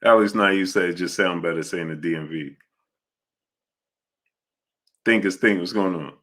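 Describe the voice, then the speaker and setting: New guy hosting a sports stream, deep but punchy voice, rambly, lots of uhs, shouting out chat names. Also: normal speed. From New York. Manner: rambling, greets chat viewers by name, many filler sounds. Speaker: sports show host. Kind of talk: casual livestream chat.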